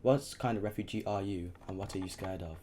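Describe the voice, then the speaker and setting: A man reading a novel aloud in a halting way, with slips and restarts. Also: low-pitched, mellow, slight background noise. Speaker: reader.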